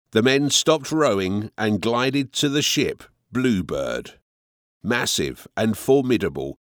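A man narrating an audiobook in a slow, expressive storytelling way. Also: medium pitch, no room sound, studio quality.

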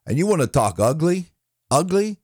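A man's voice: on the high side, big pitch swings, moderate pace, a little mellow, husky, no echo, studio quality, voice pushed up. A man impersonating a put-upon, nervous middle-aged stand-up comic with a New York accent, firing off self-deprecating one-liners. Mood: exasperated. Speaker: impressionist. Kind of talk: stand-up comedy impression.

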